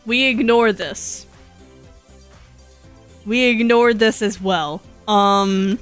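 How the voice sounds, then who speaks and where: Sleepy, slow-talking playful woman streamer. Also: a little high, fairly bright tone, smooth, faint music behind. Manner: playful, rambling, self-joking. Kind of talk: casual live-stream chat while 3D modeling.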